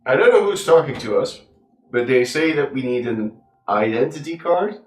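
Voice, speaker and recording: A man playing a tabletop game, talking hesitantly with many pauses and ums. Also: medium pitch, animated. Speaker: player. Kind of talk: tabletop role-play. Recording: echoey room, far from mic.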